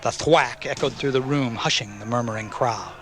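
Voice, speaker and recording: A man's voice: medium pitch, moderate pace, a bit bright, faint music behind. Man narrating a dramatic audiobook. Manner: dramatic storytelling.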